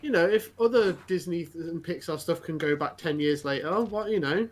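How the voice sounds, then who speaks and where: A man's voice: a little high, moderate pace. A man chatting casually during a co-op video game, asking his friend questions and hesitating as he restarts his sentences. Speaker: co-op gaming partner. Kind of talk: casual chat while playing a co-op game.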